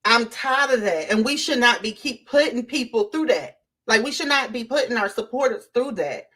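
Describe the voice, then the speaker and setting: A woman with a slightly high, sharp voice and a breathy edge hosts a casual livestream, speaking expressively at normal speed. She talks conversationally and directly to her viewers, repeats herself, and greets people in the chat by name.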